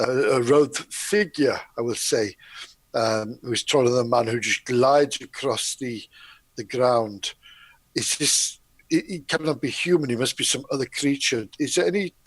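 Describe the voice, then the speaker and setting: A man's voice: medium pitch, breathy edge, dry recording. A man playing a tabletop game, speaking earnestly and formally as his character. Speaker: player.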